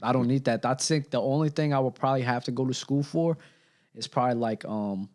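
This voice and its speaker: A man's voice: mid-range voice, a little fast, a little mellow. A young man, a podcast guest, talking casually in slang and swearing freely, nervous and with the hiccups. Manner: slangy, swears freely, says bro a lot. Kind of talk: casual chat.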